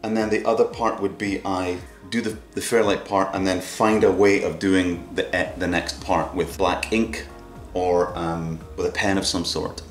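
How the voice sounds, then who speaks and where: Low-ish guy vlogging his build, chatty, making little beep noises, echoey room with music on. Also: little pitch movement, moderate pace, few pauses, far from the mic. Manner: chatty, thinks aloud with sound effects. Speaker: maker vlogger. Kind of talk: casual workshop narration. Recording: roomy sound with music behind.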